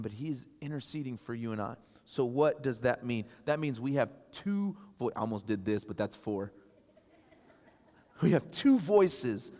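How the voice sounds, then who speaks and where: Preaching man in a reverberant church. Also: a little high. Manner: animated preaching that rises loud and drops to soft storytelling. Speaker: pastor. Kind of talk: sermon. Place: church sanctuary. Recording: long hall reverb.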